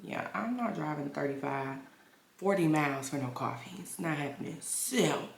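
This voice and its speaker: Low-voiced chatty woman vlogger. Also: expressive, moderate pace. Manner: chatty, emphatic, repeats her lines. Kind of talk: casual chatty vlog. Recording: echoey room with clear background noise.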